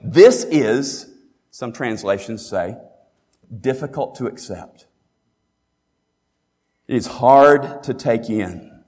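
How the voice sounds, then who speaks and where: Male pastor, emphatic sermon delivery with animated pitch, long hall reverb. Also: slow, long pauses. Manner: emphatic, repeats key phrases, rhetorical questions.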